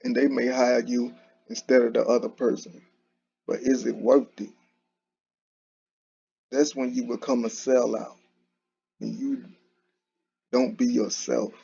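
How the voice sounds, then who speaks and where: In a flat, medium-pitched delivery, this man talks a little slowly, his voice gravelly, mellow and slightly rough, with long pauses. As a commentary channel host he offers casual solo remarks, often restarting and saying "you know." The recording is dull and lo-fi.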